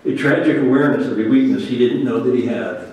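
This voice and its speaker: A man's voice: mid-range voice, fast talker, a little mellow. A man preaching a sermon, reading scripture aloud and then commenting on it earnestly. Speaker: pastor. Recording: very echoey room, voice from a distance.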